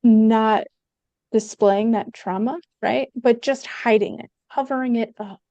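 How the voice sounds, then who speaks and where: A woman's voice: on the high side, fairly even intonation, unhurried, warm tone, no room sound. A woman speaking as a guest in a casual podcast conversation, thoughtful and using frequent fillers. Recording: dull, dry lo-fi sound.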